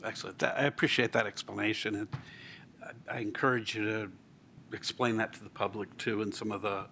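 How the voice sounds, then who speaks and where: A man on a city council asking staff questions at a meeting, halting with many ums and restarts. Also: on the low side, steady tone, vocal fry, sharp tone, slight background noise. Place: council chamber.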